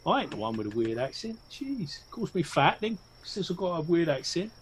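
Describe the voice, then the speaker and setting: A cocky, mouthy city bloke with a British accent, played by a man in a tabletop game. His voice sits a little high and he bickers boisterously, bristling at every slight. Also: very animated, a little hiss or hum. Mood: indignant. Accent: British English. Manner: boisterous, bantering, quick to take offence.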